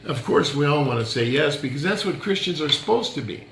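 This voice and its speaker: A man's voice: on the high side, animated, a little fast, a bit bright, reverberant, a little hiss or hum. A male pastor giving a conversational sermon, joking and challenging his listeners directly.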